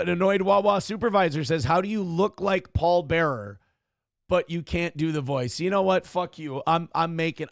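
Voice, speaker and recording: A middle-aged man hosts a casual livestream talk show, reading donations aloud with loud, crude jokes and a rough voice that cannot reach high notes. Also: no echo, studio quality. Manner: loud, crude, joking, reads chat messages aloud.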